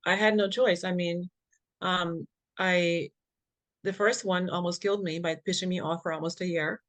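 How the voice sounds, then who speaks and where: A woman's voice: lowish voice, fairly even intonation, normal speed, a bit bright. A woman who founded a health foundation, telling her story as an interview guest in an earnest, emphatic way and laughing between points.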